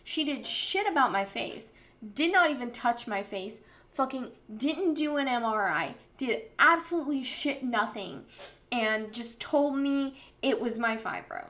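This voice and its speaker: A woman talks straight to camera in a casual vlog rant, her voice sitting fairly high. She is heated and profane, swearing freely as she vents. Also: lively intonation, unhurried, bright, forceful tone. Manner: angry, profane, venting. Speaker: vlogger.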